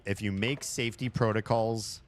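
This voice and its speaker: A young man with a deep, low voice talks his way through a horror game in loose, casual commentary. He swears freely and laughs at his own jokes as he goes. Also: fairly even intonation, normal speed, slight background noise. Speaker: streamer playing a horror game. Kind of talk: casual let's-play commentary.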